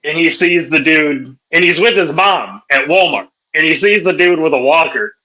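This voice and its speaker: A middle-aged man in casual chat, retelling a comedy skit and jumping into high voices for the characters. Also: normal speed, low-quality recording. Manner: animated storyteller, jumps high for quoted voices. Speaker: podcast host.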